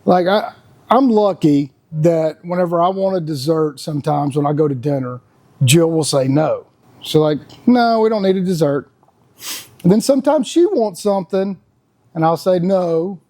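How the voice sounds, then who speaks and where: A man's voice: on the high side, normal speed, warm tone. A man, talking in a casual, blunt, folksy monologue as a podcast host. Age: 50s. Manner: folksy, blunt, laughs often.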